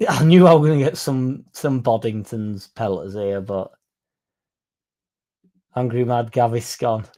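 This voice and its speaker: Sweary laddish Yorkshire bloke with a mellow voice. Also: male voice, mid-range voice, expressive, normal speed. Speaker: fan channel host. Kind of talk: casual chat.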